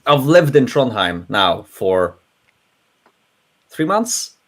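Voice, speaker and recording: A man with a Norwegian accent talking in a casual online panel, animated and chuckling, often trailing off and restarting. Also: medium pitch, slow pace. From Norway. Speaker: panel guest.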